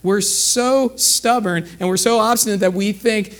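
A man preaching a sermon in a conversational way, acting out quick bits of dialogue and checking in with his listeners with "okay?". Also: high-pitched.

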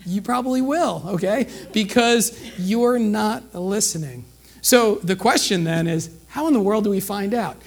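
A man with a fairly high voice preaches a sermon to his congregation. He talks in a relaxed, conversational way, acts out short exchanges between characters, and keeps asking his listeners "okay?".

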